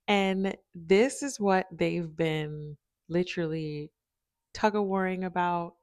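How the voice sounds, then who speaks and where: A woman with a low, deep voice talks casually to a camera propped by her window. She rambles, laughs often and talks to her dogs between thoughts. The sound is dry and close, with no room echo. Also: takes it slowly, a little mellow. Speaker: spiritual video creator. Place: home, by a window.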